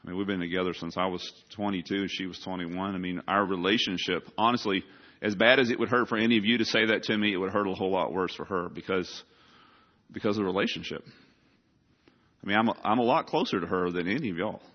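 Low-voiced preacher, lo-fi. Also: male voice, fast. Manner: conversational preaching, asks the congregation questions, rises to urgent emphasis. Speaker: pastor. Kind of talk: sermon. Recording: dull lo-fi sound.

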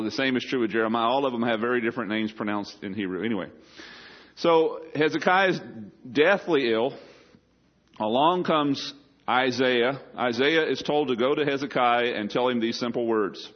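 A man's voice: mid-range voice, moderate pace. Conversational preacher man, slightly muffled. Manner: conversational, joking asides to the congregation. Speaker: pastor. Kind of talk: sermon.

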